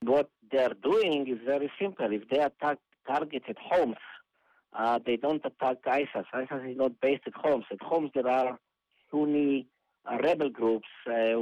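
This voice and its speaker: A male analyst, giving measured commentary in a news interview, pausing often with "uh". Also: medium pitch, no room sound. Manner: measured, hesitant with many uhs. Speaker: analyst guest. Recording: dull lo-fi phone-like line.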